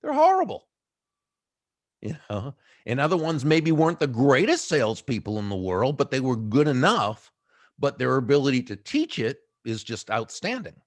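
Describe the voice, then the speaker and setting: A middle-aged author and sales speaker from the Boston area, USA, with a faint Boston accent, appears as an interview guest, telling stories casually as an animated storyteller who laughs often. His voice is medium-pitched at normal speed, with no room sound.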